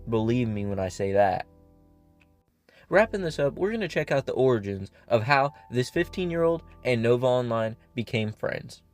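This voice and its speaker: A man's voice: medium pitch, animated, moderate pace, soft background music. Blunt, cussing male commentary host. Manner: blunt, profane, exasperated. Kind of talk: casual reaction commentary.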